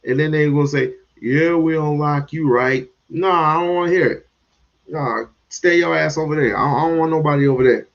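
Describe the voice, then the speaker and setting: A man's voice: a little high, quick pace, creaky, muffled recording. A man hosting a livestream, talking bluntly and in a drawl straight to his chat. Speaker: livestream host. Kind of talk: livestream commentary.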